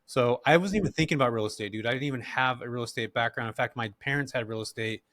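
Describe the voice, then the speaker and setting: A middle-aged man from California, a podcast guest who tells stories in a relaxed, slangy way and laughs often. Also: mid-range voice, fast, dry recording, studio quality. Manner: laid-back, slangy, animated, laughs often. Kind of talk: casual interview storytelling.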